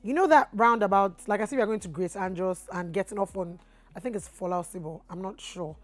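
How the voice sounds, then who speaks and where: A woman with a Nigerian accent telling a storytime vlog, swinging from low asides to loud outbursts. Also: fast, no echo. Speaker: vlogger.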